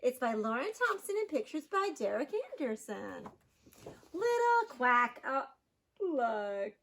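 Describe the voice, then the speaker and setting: A woman teacher giving a phonics lesson to young children, sounding out words and gasping with excitement. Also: sits high, measured pace.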